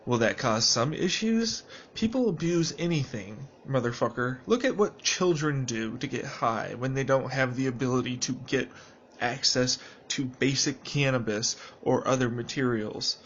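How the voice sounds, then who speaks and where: A man holding forth in a blunt, profane video-journal rant. His voice sits at an ordinary middle pitch. The recording is muffled and a bit lo-fi, with a faint hiss behind it. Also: moderate pace. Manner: heated, profane, lecturing; calmer, quieter, still blunt. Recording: dull lo-fi sound with faint noise.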